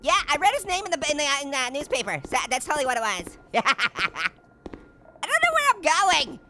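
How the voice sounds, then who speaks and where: A woman's voice: high voice, huge pitch swings, normal speed, bright, forceful tone, faint music behind. A woman hosting a comedic let's-play, chatting and giggling as she plays a spooky game. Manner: giggly, jokey, exclaiming. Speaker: gaming channel host.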